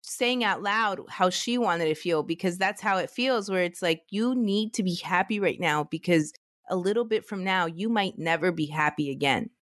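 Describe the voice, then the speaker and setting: A woman's voice: on the low side, moderate pace, a bit bright, dry recording, studio quality. A woman co-hosting a podcast, chatting casually, laughing often, and recapping a court case. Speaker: podcast co-host.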